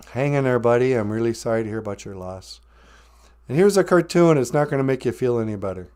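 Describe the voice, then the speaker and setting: A man hosting a podcast in a low, soft-spoken, deadpan comedic chat. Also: fast. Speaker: podcast host.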